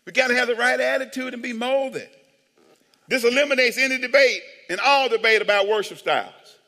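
Male pastor, high and bright, animated joking sermon delivery, long church reverb. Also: fairly quick. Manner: animated, joking, calls for amens. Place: church sanctuary.

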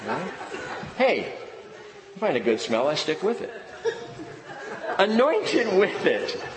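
A man's voice: high voice, huge pitch swings, takes it slowly, echoey room, long reverb tail, crowd noise, rough recording. A middle-aged man, a pastor preaching a sermon with jokes and family stories.

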